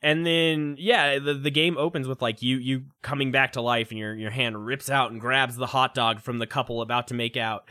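A young man talks games in a loose, animated way, tripping over his words and laughing often. His voice is bright and pushed forward. The sound is dry and close. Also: medium pitch, no echo. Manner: animated, halting, lots of restarts and laughs. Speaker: game review podcast co-host. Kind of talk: casual chat.

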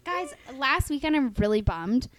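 Brief: woman podcast co-host with a high voice, swears freely, animated anecdotes. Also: normal speed. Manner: profane, animated storytelling. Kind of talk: casual chat.

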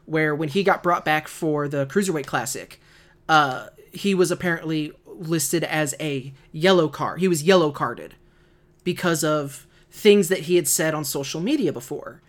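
A man's voice: a little high, a little slow. A man co-hosting a podcast, ranting hotly and swearing freely in casual chat. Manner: heated, profane ranting. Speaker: podcast co-host.

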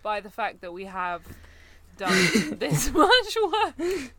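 A woman's voice: mid-range voice, big pitch swings, takes it slowly, a crowd in the background. A woman co-hosting a podcast in casual chat, thoughtful and wry with easy laughs. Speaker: podcast co-host.

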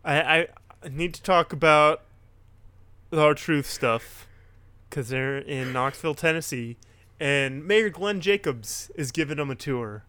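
A man co-hosting a podcast, telling stories in an animated, casual chat. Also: a little high, slow pace, clean tone, no echo. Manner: animated, storytelling recaps. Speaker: podcast co-host. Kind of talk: casual chat recapping wrestling.

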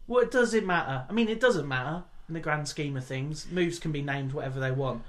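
A man's voice: on the high side, a little fast, fairly bright tone. A man co-hosting a casual podcast chat, rambling and hesitant with many ums, wry and given to swearing. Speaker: podcast co-host.

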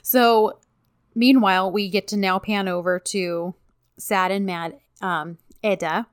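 A woman's voice: mid-range voice, fairly even intonation, clean tone, dry recording, clean studio sound. A woman co-hosting a casual chat recap of a TV drama, chatty and full of fillers. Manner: chatty, quick fillers like "you know" and "like". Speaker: podcast co-host.

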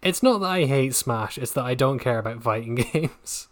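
A woman co-hosting a podcast in casual chat, making dry, deadpan jokes. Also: rumbling low, moderate pace. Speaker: podcast co-host.

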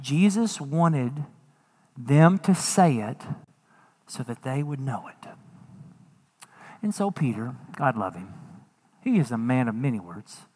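A man preaching a sermon as a pastor, folksy and animated, acting out quotes and dropping jokes. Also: medium pitch, slow, pauses often, husky, big-room sound.

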